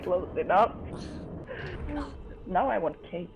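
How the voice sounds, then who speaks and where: High-voiced man co-commentating a speedrun. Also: slow pace, gravelly, phone-quality sound, noisy background. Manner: friendly, giggly, explains game knowledge. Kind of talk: live game commentary. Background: music.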